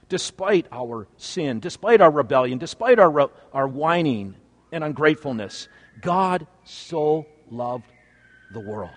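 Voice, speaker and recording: Male pastor, mid-pitched voice, dynamic sermon delivery that rises to loud emphasis and drops to a hush, long reverb of a church hall. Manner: dynamic preaching, swinging from loud emphasis to hushed low phrases.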